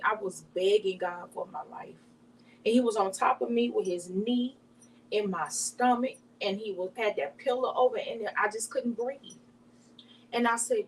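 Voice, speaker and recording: A woman from Alabama, giving an emotional, halting personal testimony as an interview guest. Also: fairly high pitch. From Alabama, US South. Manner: emotional, halting retelling with many restarts. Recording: distant mic with faint hum.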